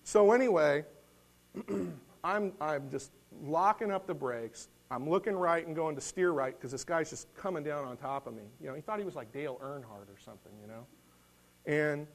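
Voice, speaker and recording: A middle-aged man gives a casual, story-driven sermon with a folksy, rambling delivery. He repeats words, restarts his sentences and clears his throat now and then. His voice sits a little high for a man. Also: lively intonation, moderate pace. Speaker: lay preacher. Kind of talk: conversational sermon with personal story.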